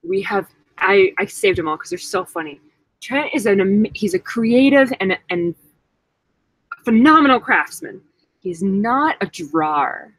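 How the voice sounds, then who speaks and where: A woman's voice: medium pitch, lively intonation, unhurried, fairly bright tone, no room sound, rough recording. A young woman from Washington, D.C., co-hosting a casual live stream, chatty and teasing. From Washington, D.C., USA. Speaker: vlog co-host.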